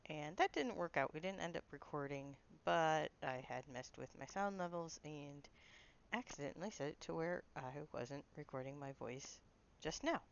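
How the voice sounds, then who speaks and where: Brief: a low-voiced woman streamer with a dull lo-fi mic, chatty and self-deprecating. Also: smooth. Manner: apologetic, chatty, laughs at herself. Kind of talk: casual gameplay chat.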